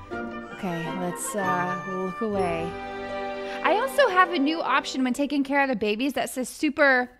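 A woman's voice: on the high side, very animated, normal speed, loud music behind the voice. A young woman hosting a casual let's-play, chatting animatedly with her viewers while she plays. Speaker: gaming channel host.

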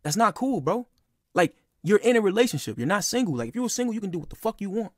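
A man's voice: high-pitched, sing-song, fast, no echo, clean studio sound. A young man telling a personal story in a casual, rambling and heated way, with lots of "bro" and "like.". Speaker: podcast speaker.

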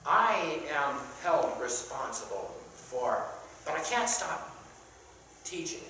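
A Sunday school teacher leading a Bible class in a church, talking conversationally with many pauses and questions to the class, and reading scripture aloud in King James wording. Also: mid-range voice, big pitch swings, pushed and bright. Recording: very echoey room, mic far off, faint background noise.

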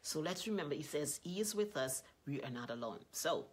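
Earnest woman preaching, low husky voice. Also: expressive, a little fast. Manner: earnest, repetitive, rising loud when quoting prayers. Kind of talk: sermon.

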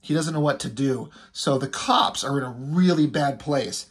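A man's voice: mid-range voice, moderate pace, slightly rough. A man casually recapping a comic book as a reviewer, rambling with lots of fillers.

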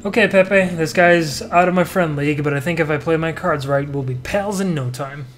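A young man playing a dating game, reading its text aloud with playful, joking asides. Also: fairly high pitch. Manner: playful, quick asides, reads dialogue aloud. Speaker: let's-play gamer.

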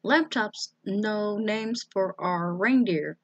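A woman voicing an eager, bold young girl who pleads in a rushed, breathless way. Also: mid-range voice, husky, no room sound, dull audio.

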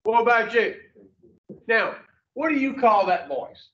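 His voice is very high and sing-song, a bit slow, with a fairly bright tone. Addressing a small audience in a room, he delivers a crude, no-nonsense motivational talk and asks folksy questions of the listeners. The mic is distant and dull, capturing lots of room.

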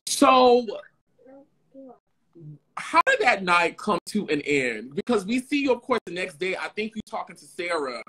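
A woman's voice: medium pitch, very animated, a little slow, sharp tone, husky. A woman interviewer in a casual chat who reacts with slang and asks questions.

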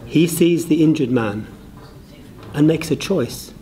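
A man on school staff telling a parable in short, deliberate phrases with long pauses. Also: a little high, warm tone, slight background noise. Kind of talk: storytelling parable.

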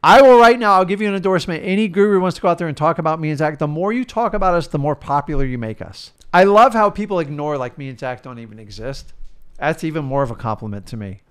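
A man's voice: on the high side, lively intonation, quick pace, smooth. A middle-aged man, a real estate coach, giving an emphatic motivational talk that often repeats itself. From United States. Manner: emphatic, preachy, repeats himself.

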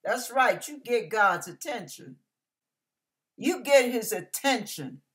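Woman preaching, fiery and emphatic, slow delivery, sing-song pitch, folksy. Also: lively intonation, a bit bright. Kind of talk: sermon.

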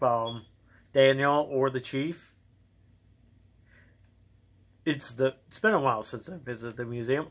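A man's voice: mid-range voice, bright, forceful tone. A young man playing a video game, reading its dialogue aloud in his own voice and cracking jokes between lines. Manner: jokey, reads all characters in his own voice. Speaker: let's play gamer.

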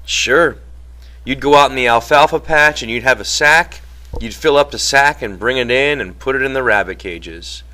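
A man voicing a guarded ranch worker in rough, plain rural speech. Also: mid-range voice, normal speed, sharp tone, voice pushed up, close to an everyday voice. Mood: dreamy. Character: wary dreaming male ranch worker, guarded.

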